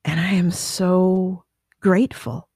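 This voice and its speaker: A woman who runs her own business and speaks to motivate others, telling her story in a lively way and acting out the people she quotes. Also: on the low side, takes it slowly, husky, no room sound, studio quality. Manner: animated, acts out quoted voices, restless self-correcting. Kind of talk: personal storytelling talk.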